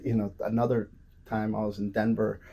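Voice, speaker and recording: A man on a podcast telling profane, animated stories with lots of restarts. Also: lowish voice, moderate pace, gravelly, breathy edge. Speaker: podcast guest. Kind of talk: casual storytelling. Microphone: studio podcast mic.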